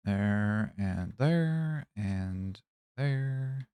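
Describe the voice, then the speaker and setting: Non-native English-speaking male streamer, unhurried, jokey and profane, dry sound. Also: on the low side, lively intonation, mellow, clear, resonant tone, no room sound. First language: not English. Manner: joking, swears freely, mock-apologetic. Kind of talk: casual live-stream chat while playing.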